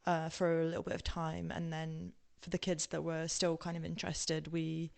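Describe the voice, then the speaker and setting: A woman's voice: low voice, completely flat delivery, normal speed, creaky, darkish tone, clear, resonant tone. A young English woman with a posh southern English accent, telling her story casually with many ums, tangents and laughs. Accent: southern English, now posh-sounding. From England. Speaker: podcast guest.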